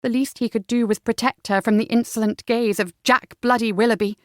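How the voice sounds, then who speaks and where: A woman narrating a romance audiobook in a smooth, even storytelling manner. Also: on the high side, brisk, dry recording, clean studio sound. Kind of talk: scripted narration.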